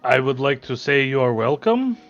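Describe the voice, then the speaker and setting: A man playing a tabletop game, hesitant at times and forceful when he is in character. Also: mid-range voice, big pitch swings, normal speed, muffled recording, faint music behind. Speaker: player.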